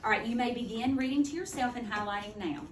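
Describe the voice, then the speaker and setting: A woman teaching a second-grade phonics lesson, speaking clearly and deliberately. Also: fairly high pitch. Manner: clear, deliberate teacher talk, slowing to model words. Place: classroom. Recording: echoey classroom from far off, noisy.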